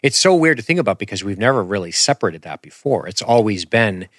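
Male podcast host, low voice, casual rambling chat, dry close recording. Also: quick pace, no room sound. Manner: animated, rambling, self-deprecating, makes sound effects.

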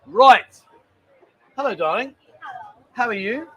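A man with a rather high voice hosts a casual live stream from a busy bar. He chats loosely, cracks jokes and reads out viewers' messages. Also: animated, slow, fairly bright tone, dull audio.

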